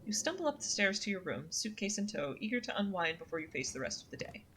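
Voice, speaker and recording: A woman's voice: medium pitch, very animated, fast, background noise. Chatty young woman streaming a story game. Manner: chatty, reads narration in second person, fillers like um and uh. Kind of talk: casual let's-play commentary and reading game text aloud.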